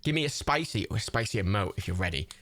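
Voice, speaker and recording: A man's voice: lively intonation, fast, fairly bright tone. A man hosting a livestream, chatting casually with viewers into a microphone while they watch a movie together. He swears freely and breaks into frequent laughter. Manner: swears freely, laughs often, wildly swinging pitch. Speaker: livestream host.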